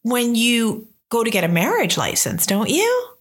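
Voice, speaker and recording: Husky lively woman. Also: fairly high pitch, measured pace. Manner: teasing, skeptical questions. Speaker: podcast guest, best friend. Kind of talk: casual chat.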